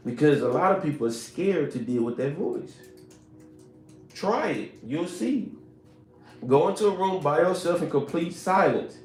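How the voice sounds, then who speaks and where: A man giving a motivational live stream talk, emphatic and preacher-like, repeating his points and asking the chat to respond. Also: a little high. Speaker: motivational speaker. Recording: roomy echo with faint music.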